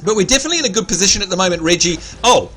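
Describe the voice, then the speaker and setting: An Australian man calling the action of a live game stream with a bright, forceful voice that sits a touch high. He talks to his viewers in a chatty, upbeat play-by-play and keeps an eye on the whole map. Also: animated, racing. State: slightly hoarse, clearing his throat. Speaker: livestream host and game commentator. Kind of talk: live gameplay commentary.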